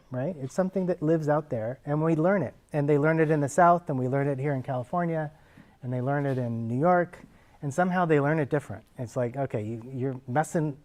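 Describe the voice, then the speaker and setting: A man's voice: on the high side, a little mellow. A man, a linguist who explains ideas to a class in a casual, conversational way using everyday examples. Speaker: linguist answering actors' questions.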